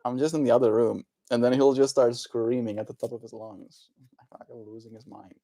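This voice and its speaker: A man chatting on a daily livestream, answering viewers gently and encouragingly. His voice is mellow and dark, with a gravelly fry running through it. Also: medium pitch, fairly even intonation, fairly quick. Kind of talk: casual livestream chat reading viewer comments.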